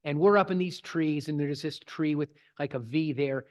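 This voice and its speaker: A man's voice: fairly high pitch, moderate pace, darkish tone. A middle-aged man, presenting to a photography club in a folksy, digressing storytelling way. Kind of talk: casual talk with slides. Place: club meeting room.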